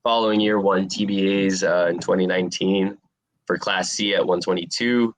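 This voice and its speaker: A man in his twenties answering interview questions in a relaxed, rambling way with lots of fillers. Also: deep voice, normal speed, no echo. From USA. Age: 20s. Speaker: interviewed fighter.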